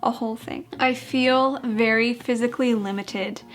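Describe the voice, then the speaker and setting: A young woman gives a casual, candid vlog update, chatty and a bit out of breath. Her voice sits on the higher side, and soft music plays underneath. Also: fairly even intonation, normal speed. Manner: candid, chatty, with fillers and small laughs. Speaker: vlogger.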